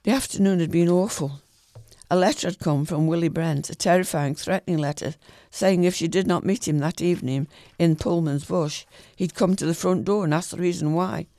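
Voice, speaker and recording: A man reading a short story aloud in a calm, even way, with the odd small slip. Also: on the high side, normal speed, dry recording, studio quality.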